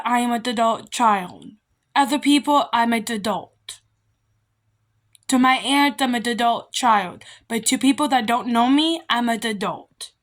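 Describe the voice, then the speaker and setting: A young adult woman vlogging parenting advice in a rambling, emphatic, repetitive way. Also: on the high side. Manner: rambling, emphatic, repeats herself. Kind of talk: casual monologue.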